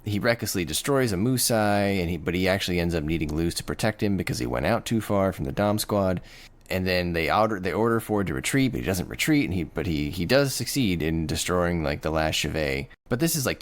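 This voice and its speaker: A man co-hosting a casual podcast, recapping the story in an enthusiastic, rambling way and laughing often. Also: low voice. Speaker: podcast co-host.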